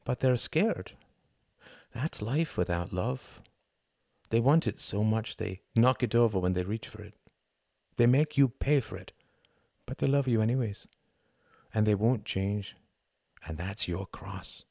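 A gruff but loving older housemaid speaks in a storybook reading, plain-spoken and gently scolding, as a man reads her lines. The voice is deep and close, with no room around it. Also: animated, unhurried, pauses often, no echo, exaggerated voice. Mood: emphatic. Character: warm older woman servant, gruff and loving.

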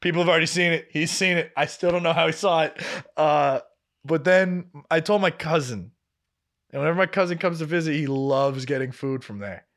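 A young man whose voice is a little high and a little fast co-hosts a podcast, telling a story in relaxed chat. He's animated, performing what other people said, and laughs and swears freely.

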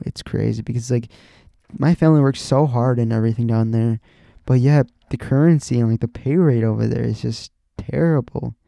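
A man's voice: medium pitch, creaky, dark tone, dry recording, clean studio sound. A young man from the USA talking in a loose, rambling monologue, full of restarts and "like" fillers, swearing casually. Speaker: podcast host.

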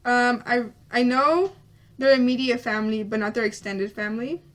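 A young woman with a somewhat high voice reads out quiz questions in a casual vlog chat. She talks in a playful, giggly way. The mic sits some distance from her. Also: fairly even intonation, normal speed, a bit bright. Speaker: vlogger.

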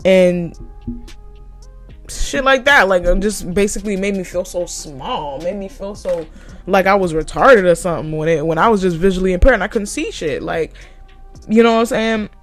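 A woman's voice: medium pitch, moderate pace, soft background music. Blunt, profane young woman telling a story. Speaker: vlogger telling a work story. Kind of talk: casual storytime monologue.

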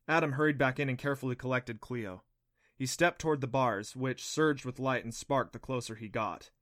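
Reading from a script, a man narrates an audiobook in a steady storytelling style. His voice sits in the middle range and stays even, and he speaks at a normal speed.

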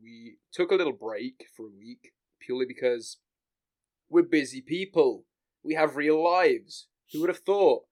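Young male podcast host, brash, swears freely, pitched a little high. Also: a little slow, a little mellow. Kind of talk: casual chat.

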